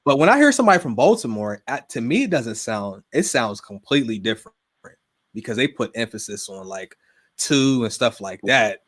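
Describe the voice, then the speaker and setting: A young man from Pittsburgh with a Pittsburgh accent, chatting casually as a podcast guest, slangy and relaxed, often trailing off quietly. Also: mid-range voice, a little fast. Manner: relaxed, slangy, drifts quieter at phrase ends. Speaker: guest gamer and streamer.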